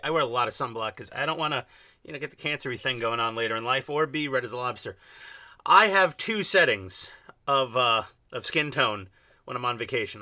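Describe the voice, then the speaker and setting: A man's voice: medium pitch, sharp tone, no echo. A man from New York with a New York accent, chatting casually as he builds a scale model, rambling and self-mocking with many fillers. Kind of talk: casual workshop chat. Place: home hobby workbench.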